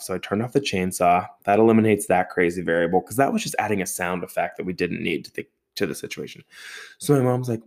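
Low-voiced male storyteller, animated, casual, a bit profane. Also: fast. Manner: animated storyteller with sound effects and swearing. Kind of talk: storytelling monologue.

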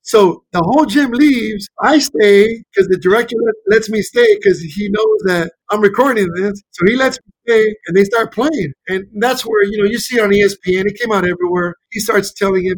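Mexican-born coach as guest, high male voice, animated storyteller. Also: brisk, hardly any pauses, breathy edge, low-quality recording. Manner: animated storyteller, acts out quotes. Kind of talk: casual storytelling interview.

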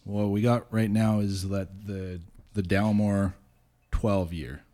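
A man's voice: fairly low pitch, steady tone, slow pace, dark tone. A man, the show's technical producer, chatting casually in a laid-back, modest, hesitant way. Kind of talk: casual chat.

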